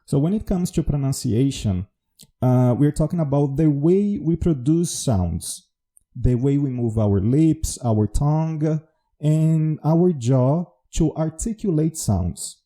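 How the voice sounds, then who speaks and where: Very dark-voiced Brazilian man teaching. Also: on the high side, animated. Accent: Brazilian Portuguese, Baiano. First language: Portuguese. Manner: explanatory, teacherly, measured. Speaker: podcast host, English teacher. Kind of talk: solo educational podcast monologue.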